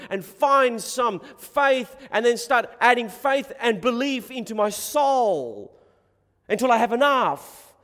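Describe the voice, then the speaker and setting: A man preaching a sermon in short, deliberate phrases with long pauses. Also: very high voice, a bit bright, long reverb tail.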